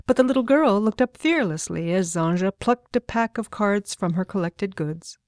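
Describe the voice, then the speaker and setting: A woman narrating an audiobook in a calm, measured way. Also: medium pitch, no echo, clean studio sound.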